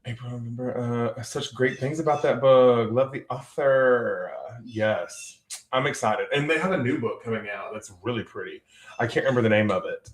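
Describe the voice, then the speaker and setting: A man's voice: medium pitch, moderate pace, roomy sound. A man with a Southern US accent hosting a live writing stream, chatting casually and reading out viewer comments. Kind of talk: casual livestream chat. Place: home room at his desk.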